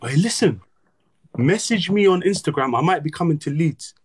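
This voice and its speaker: A man's voice: on the high side, animated, normal speed, husky. A man hosting a livestream, chatting casually in slang and bantering with viewers. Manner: laid-back, slang-heavy, banters with viewers. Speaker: livestream host.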